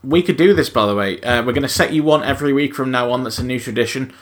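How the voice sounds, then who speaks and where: A man hosts a podcast in casual chat, upbeat and teasing toward his co-hosts. His voice sits at an ordinary middle pitch. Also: fast talker. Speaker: podcast host.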